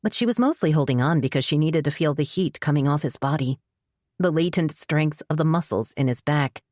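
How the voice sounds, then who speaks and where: A woman with a low voice narrates an audiobook in a steady, measured way. The recording is dry and close, with no room sound. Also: no room sound. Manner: measured storytelling. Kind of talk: scripted narration.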